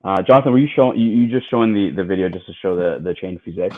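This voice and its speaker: A man whose first language is French, hosting a livestream and steering the talk quickly. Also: sits low, background noise. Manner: quick, directing the conversation. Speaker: host. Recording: tinny phone-like line.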